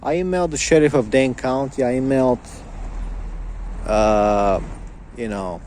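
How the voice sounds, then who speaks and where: A man rants in a heated podcast monologue, swearing freely and tripping over repeated words. His voice sits at a middling pitch with a dark, mellow tone. Faint traffic hums behind him outdoors. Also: measured pace. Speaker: podcast host. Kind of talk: ranting monologue.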